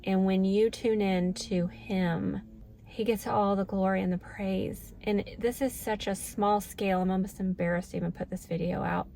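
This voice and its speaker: A woman's voice: mid-range voice, a little mellow, slight background noise. A middle-aged woman vlogging in a casual, earnest, heartfelt way to her viewers. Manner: earnest, heartfelt, emotional at moments. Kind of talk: casual talk to camera.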